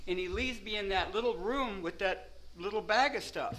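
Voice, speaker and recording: A man's voice: high voice, normal speed, a bit bright, low-quality recording. A man telling a rambling first-person story, peppering it with "you know" and "man" and laughing at himself.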